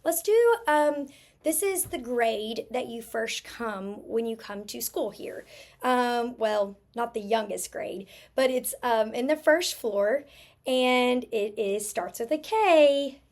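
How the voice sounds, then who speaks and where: A woman teaching a spelling lesson, who talks slowly and stretches out each sound while checking in with the class. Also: on the high side.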